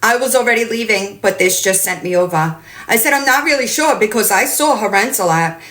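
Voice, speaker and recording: An indignant woman talks straight to her viewers in a casual livestream rant, reading out message exchanges as she goes. Her voice sits at a middling pitch for a woman. The room around her is noticeably echoey. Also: animated, a little fast, fairly bright tone.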